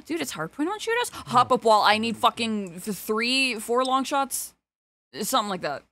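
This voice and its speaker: A woman's voice: a little high, very animated, moderate pace, a bit bright, dry recording. A young woman streaming a shooter game, chatting casually with her chat and swearing often.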